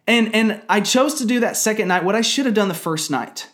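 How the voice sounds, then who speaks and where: A man's voice: high voice, lively intonation, a little fast, fairly bright tone. A man in his thirties giving an earnest, conversational sermon testimony about his family, with frequent fillers. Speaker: ministry leader.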